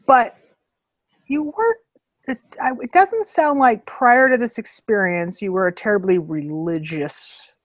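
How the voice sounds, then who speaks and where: A woman's voice: medium pitch, animated, unhurried, no echo, highs cut off. A woman hosting a book club discussion, asking hesitant, conversational questions. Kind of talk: interviewing a guest.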